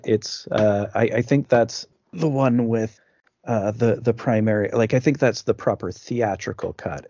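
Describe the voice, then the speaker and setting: Male podcast co-host, easygoing film chat, stammers and restarts, raspy voice, muffled lo-fi sound. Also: fairly low pitch, darkish tone, dry recording. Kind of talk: casual film discussion.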